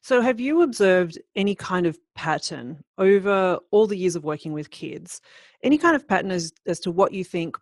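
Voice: mid-range voice, expressive, normal speed, no room sound, clean studio sound. A podcast host asking questions and summarizing a guest's points in a friendly, conversational way.

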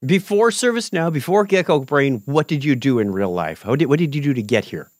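A man hosting a developer podcast, upbeat and animated, moving from a scripted opening into relaxed chat with guests. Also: medium pitch, a little fast, no echo, clean studio sound. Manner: upbeat, animated, self-correcting. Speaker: podcast host.

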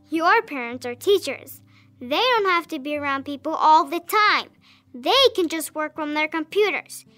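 A woman's voice: high voice, fairly bright tone. A woman playing an anxious young girl who writes earnest letters to her best friend in an audio drama. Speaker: letter-writing child character.

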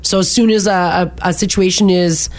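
A woman co-hosting a radio show in casual chat, reading out stories and listener texts in a brisk, teasing way. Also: on the low side, steady tone, a little mellow. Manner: brisk, teasing, reads out news items.

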